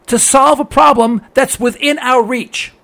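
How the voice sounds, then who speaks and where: A man's voice: extremely high pitch, fairly even intonation, unhurried, vocal fry, sharp tone. A man delivering an opinionated monologue as a commentator, emphatic and sarcastic, hammering his points home by repeating them. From United States. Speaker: political commentator. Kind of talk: opinionated radio-style monologue.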